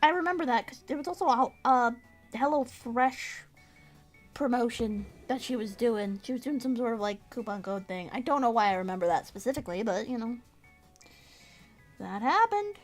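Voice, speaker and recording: A woman's voice: fairly high pitch, fairly quick, faint music behind. A young woman streaming casual chat as she embroiders, bubbly and giggly, sometimes baby-talking. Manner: bubbly, giggly, baby-talks to her cat.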